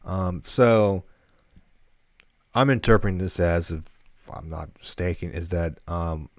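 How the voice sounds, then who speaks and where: A man co-hosts a casual podcast in a deep, low voice. He rambles through his notes with frequent fillers and false starts. The sound is close and dry, with no room echo. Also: slow. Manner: rambling, many fillers and restarts. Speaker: podcast co-host.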